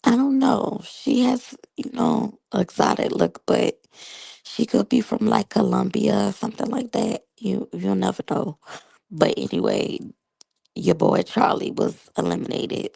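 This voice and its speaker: Thirties woman, vlog reviewer, chatty, slow-paced and husky; addresses viewers directly. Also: medium pitch, mellow, no echo, rough recording. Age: 30s. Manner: chatty, talks straight to the audience. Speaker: reality show reviewer. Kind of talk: casual commentary to viewers.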